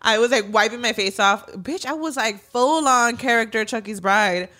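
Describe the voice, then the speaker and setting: A woman's voice: on the high side, normal speed, bright, forceful tone. A young woman co-hosting a podcast, chatting casually. She tells her story with animation and swears freely. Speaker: podcast co-host. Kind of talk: casual chat.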